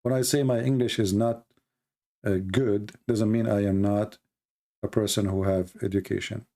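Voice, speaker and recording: A livestream host speaks in a gravelly, dark voice, his non-native English marked by broken grammar, and keeps a steady tone at a moderate pace. He talks emphatically, often saying "you know" and repeating words, and his casual monologue turns heated and high-pitched when he mocks his critics.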